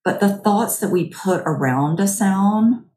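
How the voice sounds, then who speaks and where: A woman hosting a podcast, giving a gentle, chatty guided mindfulness talk that keeps asking "right?". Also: medium pitch, lively intonation, unhurried, reverberant. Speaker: podcast host.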